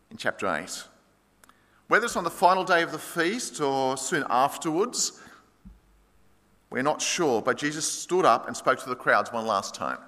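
A man preaching an expository sermon, storytelling with dramatic swings between loud and hushed delivery. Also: medium pitch. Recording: long hall reverb.

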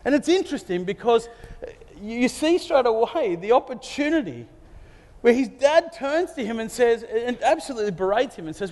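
A man's voice: very high voice, animated, moderate pace, darkish tone. A man preaching a sermon, retelling a story with playful asides. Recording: long hall reverb.

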